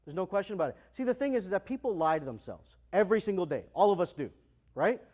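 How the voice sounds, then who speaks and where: Keynote speaker, male, high voice, energetic and engaging with the crowd. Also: fast. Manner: energetic, asks the audience questions, acts out dialogue. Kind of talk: motivational keynote speech. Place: large conference hall.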